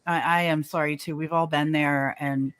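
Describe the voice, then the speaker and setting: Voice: medium pitch, flat delivery, normal speed, fairly bright tone. A panel guest speaking in a sympathetic, supportive way on a live stream.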